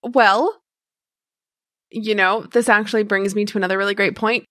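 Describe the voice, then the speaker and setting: A woman playing a tabletop role-playing game, unhurried and sardonic. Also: mid-range voice, steady tone, fairly bright tone, no room sound, clean studio sound. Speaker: player. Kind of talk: tabletop role-play, in and out of character.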